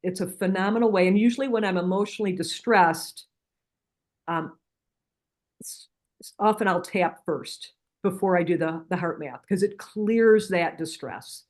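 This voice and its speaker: Guesting from a healing center, this middle-aged practitioner earnestly walks through her techniques and shares stories at an even, moderate pace. Her pitch is fairly low, she frequently starts sentences over, and she brings reported conversations to life.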